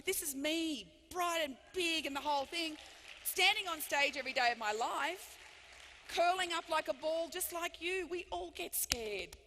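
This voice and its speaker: Brief: high, bright woman as a motivational keynote speaker, emphatic and animated, big hall reverb. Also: a little hiss or hum. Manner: animated and emphatic, with big swings from loud to hushed. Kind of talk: live keynote speech. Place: large hall before thousands of people.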